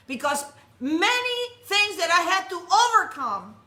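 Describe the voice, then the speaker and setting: A woman's voice: very high voice, big pitch swings, unhurried. A woman preaching a sermon to a congregation in a temple, commanding and direct, calling out to the people like a drill sergeant. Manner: forceful, commanding, calls out to the congregation. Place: messianic temple. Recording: echoey room.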